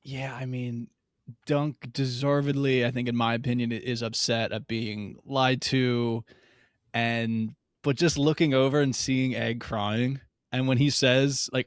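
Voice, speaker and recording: Man, podcast co-host, mid-pitched, thoughtful, dry sound. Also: steady tone, a little slow, clear, resonant tone, dry recording. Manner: thoughtful, walks through scenes with hedging fillers. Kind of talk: casual TV recap chat.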